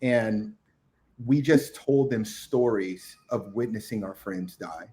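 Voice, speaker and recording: A middle-aged man, a retired military chief, telling a combat story as a podcast guest, acting out the shouted orders. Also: lowish voice, takes it slowly. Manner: animated war storytelling, acts out shouted quotes. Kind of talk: casual storytelling interview.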